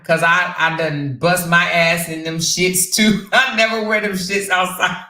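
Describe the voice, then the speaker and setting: A woman hosting a casual livestream, telling stories and reading viewer comments in an animated, sassy way. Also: lowish voice, measured pace. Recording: roomy echo.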